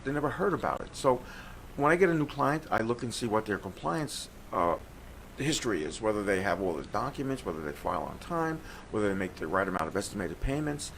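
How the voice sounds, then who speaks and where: A man's voice: on the low side, brisk, gravelly, a little hiss or hum, poor audio. An older man from New York with a New York accent, a tax accountant chatting as an interview guest and telling stories. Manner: chatty, storytelling, animated. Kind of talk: casual interview chat.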